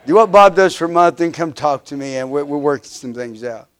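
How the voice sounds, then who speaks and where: A man's voice: on the high side, lively intonation, fairly quick, clean tone. A man in his fifties preaching a sermon as pastor, with emphatic repeated refrains, frequent restarts and filler uhs, his volume swelling and dropping. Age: 50s.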